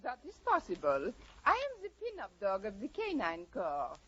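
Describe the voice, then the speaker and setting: An actress playing a flirtatious French poodle with a coquettish, sing-song French accent in 1940s radio comedy. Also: female voice, medium pitch, wildly swooping pitch, moderate pace, a bit bright, husky, dull audio, full character voice. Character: flirtatious French poodle, pin-up glamour dog.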